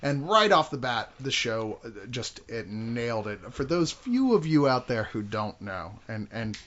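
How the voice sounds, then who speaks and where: A man's voice: medium pitch, sing-song, measured pace, a bit bright. A man hosting a podcast, chatting casually and joking around with some swearing. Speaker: podcast host. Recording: dull lo-fi podcast audio.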